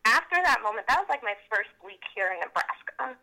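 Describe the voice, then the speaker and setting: A woman's voice: on the high side, very animated, brisk, bright, forceful tone, low-quality recording. A young adult woman, a doctoral student, candidly recounting her own experiences in an interview with frequent fillers. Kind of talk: personal storytelling in an interview.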